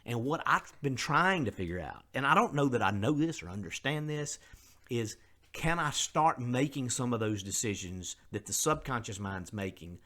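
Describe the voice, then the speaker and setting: A man's voice: mid-range voice, animated, normal speed, a bit bright. A middle-aged man, hosting a podcast in an earnest, conversational way and openly admitting his faults. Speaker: podcast host. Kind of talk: candid motivational podcast monologue.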